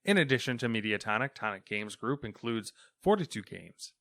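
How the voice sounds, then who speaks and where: Bright-voiced man reading gaming headlines. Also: on the low side, sing-song, moderate pace, dry recording. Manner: self-deprecating, hesitant, many "uh" fillers. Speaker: podcast co-host. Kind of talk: casual podcast chat, reading game news.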